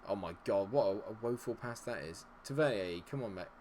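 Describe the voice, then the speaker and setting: A man's voice: on the low side, animated, a little fast, slight background noise. Sweary man streaming a football game. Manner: swings from chatty to sweary frustration, yelling at players. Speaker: gaming streamer. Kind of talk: live gameplay commentary.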